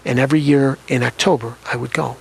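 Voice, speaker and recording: A man's voice: medium pitch, fairly even intonation, quick pace, creaky, breathy edge. An older man, an author, telling stories from his past in a reflective, conversational way during an interview. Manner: conversational, reflective, often restarts sentences. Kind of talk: reminiscing storytelling in an interview.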